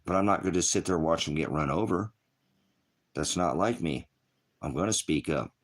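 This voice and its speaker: A man's voice: extremely low pitch, fairly quick. A middle-aged man, a pastor of an online ministry, giving a rambling, impassioned casual sermon. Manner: rambling and impassioned, mocks with put-on voices.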